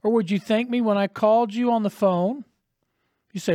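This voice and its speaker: A man's voice: sits high, normal speed, long pauses, a little mellow, dry recording, studio quality. A man preaching a sermon as a pastor, earnest and conversational, posing rhetorical questions to his listeners.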